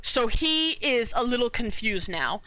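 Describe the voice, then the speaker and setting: Bright-voiced chatty woman streamer. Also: a little high, very animated, measured pace, no echo, faint music behind. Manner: chatty, rambling, lots of fillers, swears casually. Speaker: art streamer. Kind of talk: casual storytelling to chat.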